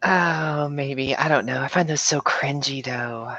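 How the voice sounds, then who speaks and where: A woman's voice: a bass voice, a little slow, sharp tone, no room sound, dull audio. Frank woman, stream guest. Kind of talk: casual chat.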